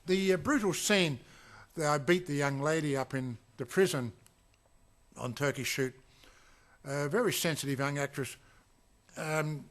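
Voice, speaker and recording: A man's voice: a little high, unhurried, pauses often. A man recalling a film shoot in a casual, rambling way, full of fillers and restarts. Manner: acts out quotes with sudden loud shouts. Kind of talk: casual anecdotal reminiscence.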